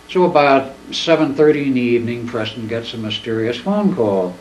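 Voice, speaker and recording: A man's voice: medium pitch, expressive, normal speed, darkish tone. An older man speaking plainly to an audience, recounting a story in a folksy manner and slipping into other people's voices for quotes. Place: presentation room. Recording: echoey room, distant mic, faint noise.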